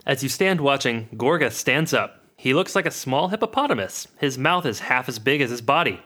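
A man's voice: mid-range voice, sing-song, moderate pace, pushed and bright. A man co-hosting a comedy podcast, reading an adventure book aloud with jokey asides. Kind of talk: comedic podcast read-along.

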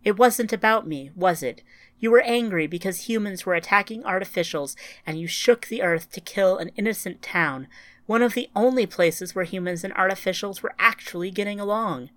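A woman's voice: mid-range voice, moderate pace, fairly bright tone, no echo, close to an everyday voice. A woman reading the part of a grieving, bitter woman in a story, her tone clipped and accusing.

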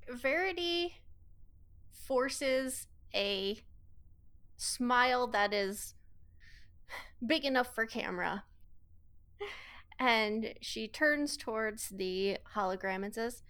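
A woman playing a tabletop game, describing her character's actions in a measured way. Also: on the high side, fairly bright tone, clear, resonant tone. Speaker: player.

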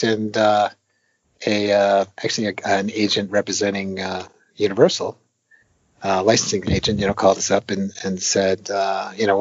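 A man who designs arcade games is a guest in a casual, lengthy interview. His voice is on the low side, and the recording is dry and lo-fi. He rambles with plenty of fillers and restarts, perking up when he retells stories.

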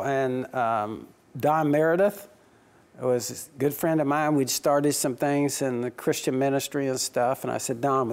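A man who owns a racing team, answering interview questions by telling stories and acting out his own and others' quoted lines. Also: medium pitch. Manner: animated, acts out quoted dialogue with laughs.

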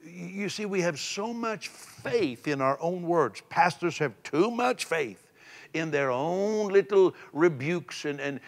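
A man pastor preaching a sermon, swinging from loud emphasis to soft, low asides. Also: animated, moderate pace, creaky, in a large hall.

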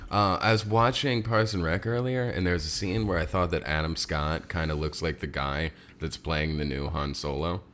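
A man's voice: very deep voice, steady tone, normal speed, hardly any pauses, a bit bright. A man co-hosting a podcast in casual chat, teasing his partner and riffing on jokes. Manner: joking, teasing, riffing on bits. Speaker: podcast co-host.

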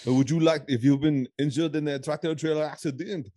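Man putting on a slick French lawyer, French accent, slow showy pitch, raised voice, dry sound. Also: fairly even intonation, warm tone, no room sound, lightly acted. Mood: salesy. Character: pushy male French attorney doing ads.

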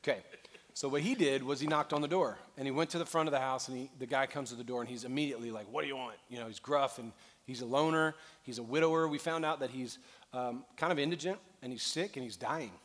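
A man's voice: medium pitch, quick pace, fairly bright tone. A male pastor preaching a sermon, telling a story with earnestness and building to a fervent call to action. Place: large church auditorium. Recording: long reverb in a large hall.

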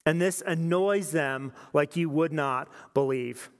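Male pastor, fairly high voice, chatty storytelling sermon, long hall reverb. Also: takes it slowly. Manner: conversational storytelling preaching.

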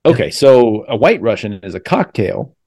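A man with a fairly low voice hosts a casual podcast, rambling in long chatty runs and stopping to correct himself. His voice is recorded dry and close, with little room sound. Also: sing-song, normal speed, darkish tone, slightly rough, no room sound. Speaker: podcast host. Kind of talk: casual chat over a video call. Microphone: video call.

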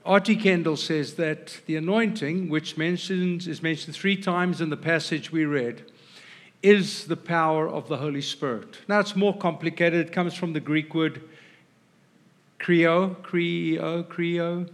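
Man preaching in a conversational, slightly high voice. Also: a bit bright. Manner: conversational, teaching. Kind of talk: sermon. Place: church before a congregation.

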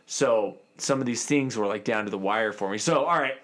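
A dentist in his thirties tells a story casually and with lots of energy, acting out the other people involved. His voice sits lowish and his pace is moderate.

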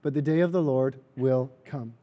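Pastor, male, earnest sermon delivery, mellow tone, emphatic repetition. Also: mid-range voice, normal speed, lo-fi sound.

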